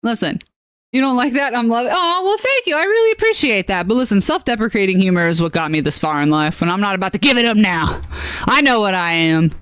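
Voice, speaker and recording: Woman game streamer, nasal, lively pitch swings, joking and fed up with her gear, dry close sound. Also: quick pace, clean tone, no room sound. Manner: animated, self-deprecating, exasperated at tech trouble. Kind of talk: casual live-stream chat while gaming.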